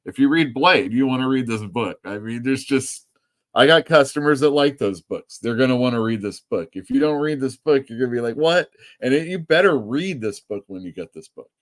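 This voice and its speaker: A comic store owner who hosts a live stream show chats loosely, rambling, swearing freely and laughing quickly. His voice is medium-pitched with lively intonation.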